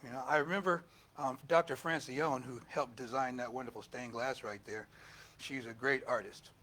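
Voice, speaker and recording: An older man preaching a storytelling sermon as pastor, animated and laughing, acting out quotes in a raised voice. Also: mid-range voice, moderate pace.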